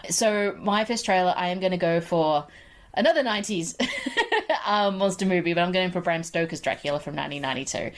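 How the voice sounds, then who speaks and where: A woman's voice: on the low side, quick pace, a little hiss or hum. A woman in her forties hosting a podcast, chatting casually and enthusiastically about films with frequent laughs. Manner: enthusiastic, opinionated, laughs often. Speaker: podcast host. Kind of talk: casual film chat.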